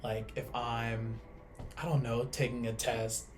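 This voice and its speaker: A man's voice: mid-range voice, level tone, unhurried, slight background noise. Young man, rambling casual talk. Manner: casual, heavy "like" filler, trailing thoughts. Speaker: co-host. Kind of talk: casual faith discussion.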